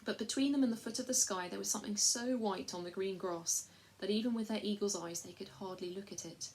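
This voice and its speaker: A woman reading a children's storybook aloud at a measured, even pace. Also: medium pitch, a little hiss or hum. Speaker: reader.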